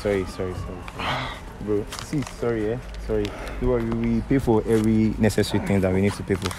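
A man's voice: fairly low pitch, level tone, fast, noisy background. A Nigerian man hosting a prank video, talking in Pidgin English and pleading in apology over and over. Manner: pleading, apologetic, repeating himself.

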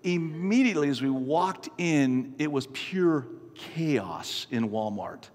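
A man in his fifties preaching a sermon, an animated, self-mocking storyteller. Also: fairly high pitch, slow pace. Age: 50s. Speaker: pastor. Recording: long reverb from a large hall.

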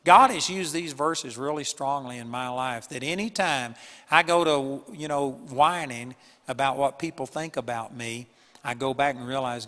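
Pastor preaching in a reverberant hall. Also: male voice, mid-range voice, normal speed. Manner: earnest preaching with sudden loud emphatic bursts. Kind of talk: sermon. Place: church hall with a live audience.

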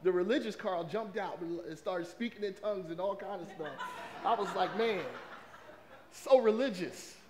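High-voiced preacher, lively. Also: male voice, normal speed, a little hiss or hum. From American South. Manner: lively, conversational preaching with crowd prompts. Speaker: pastor. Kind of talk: sermon.

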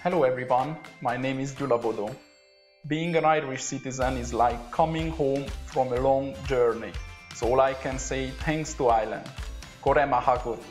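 A man's voice: medium pitch, moderate pace, soft background music. A man who is a new citizen giving short, grateful thanks in a recorded video message.

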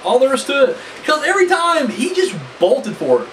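A man reviews a wrestling match in a loose, rambling way, cursing often and leaning on fillers. His voice sits high and swings up and down with lively energy. He sounds a little far from the mic, with a faint hiss behind him. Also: a little fast. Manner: animated, profane and rambling, full of fillers. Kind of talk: casual spoken review.

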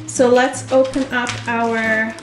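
A woman hosts a toy unboxing, gushing over every find and calling out to her viewers. Her voice sits a little high and her delivery is slow and unhurried. The room is echoey, with faint music playing underneath. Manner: gushing, excitable, talks to viewers as "you guys". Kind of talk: casual unboxing commentary.

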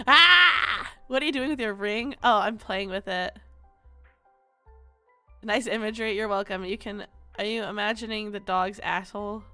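A woman streaming a game, chatting casually with viewers, giggling often and breaking into loud, excited outbursts. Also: medium pitch, normal speed, smooth, no echo, soft background music. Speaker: VTuber streamer. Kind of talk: casual chat while gaming.

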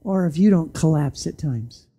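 A husky yet mellow and warm voice at middling pitch belongs to a pastor preaching a sermon in church at a moderate pace. His animated delivery is full of pointed rhetorical questions, with sudden hushed, low drops for emphasis.

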